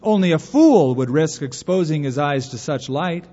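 A man voicing frightened, hostile cave dwellers in a storybook tale, crying out loudly and anxiously. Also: fairly high pitch, animated, normal speed. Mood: alarmed. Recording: dull recording with long hall reverb.

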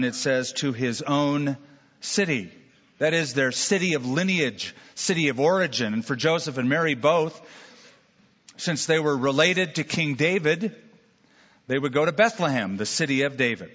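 Brief: male pastor, slightly high voice, storytelling sermon, long hall echo, dull lo-fi sound. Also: animated, moderate pace, fairly bright tone. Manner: storytelling, folksy asides and jokes.

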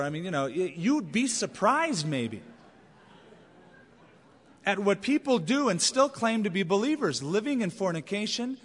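A man's voice: high-pitched, big pitch swings, a little slow, husky. A man preaching a sermon as a pastor, in a conversational, emphatic way with anecdotes. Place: large church auditorium. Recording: long reverb of a large hall.

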